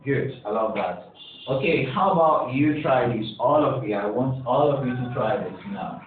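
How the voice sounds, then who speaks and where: A male teacher leads a classroom pronunciation lesson, drawing answers out of his students and praising them often. His voice sits at a middle pitch and comes from some way off the mic. The room is very echoey, and the sound is thin and phone-like. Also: lively intonation, normal speed. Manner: encouraging, asks students questions and praises answers. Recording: echoey, distant, phone-like with faint hiss.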